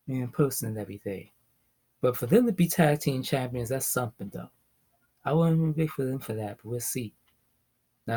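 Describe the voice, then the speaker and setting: A young man chatting casually about wrestling news, rambling, laughing often and swinging between excited bursts and mumbling. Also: medium pitch, slight background noise. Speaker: vlogger.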